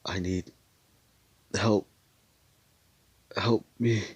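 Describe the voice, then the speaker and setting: A man's voice: on the low side, fairly even intonation, extremely slow, a little mellow, slightly rough, no room sound, heavily acted. Izuku, a man voicing a bitter, withdrawn young man. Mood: strained. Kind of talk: casual fan story narration.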